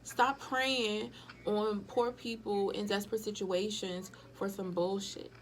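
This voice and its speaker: A woman's voice: medium pitch, steady tone, slow, rough recording. A woman giving blunt, profane, sassy running commentary while reacting to a film. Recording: loud music under the voice.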